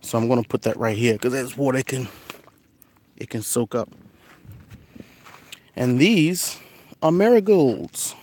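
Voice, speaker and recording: A man's voice: mid-range voice, measured pace, long pauses, a little mellow, a little hiss or hum. A young man chatting casually in his outdoor garden while filming on a phone, rambling about his plants and talking to his cats. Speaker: gardening vlogger. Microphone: phone camera.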